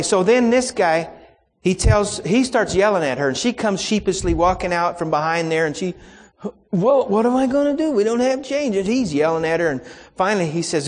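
High-voiced man preaching in a reverberant hall. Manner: folksy anecdotal telling with quoted exchanges. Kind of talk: sermon storytelling.

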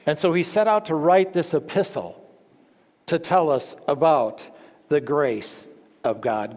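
Preaching man with a slightly high voice in a reverberant hall. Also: a little mellow. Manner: earnest, with rhetorical questions and restarts. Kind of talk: sermon teaching.

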